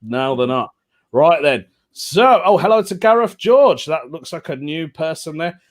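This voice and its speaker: A man's voice: a little high, expressive, measured pace. A man hosting an online comedy show, chatty and jokey, laughing often. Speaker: host.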